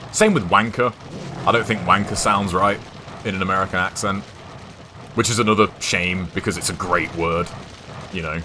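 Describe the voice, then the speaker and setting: A man's voice: low voice, background noise. A young English man streaming a game, rambling and chatting casually, swearing now and then. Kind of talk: casual chat while gaming.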